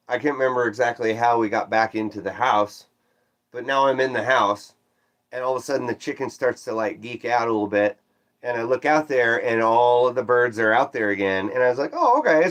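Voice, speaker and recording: A man livestreaming, casually recounting a strange dream and reading chat, with animated swoops up when quoting himself and self-deprecating asides. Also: medium pitch. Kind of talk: casual rambling storytelling, reading chat aloud.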